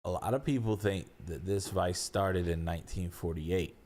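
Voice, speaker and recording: A man's voice: low voice, moderate pace, darkish tone, a little hiss or hum. A man hosting a casual podcast game night, teasing the others and swearing casually. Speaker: podcast host.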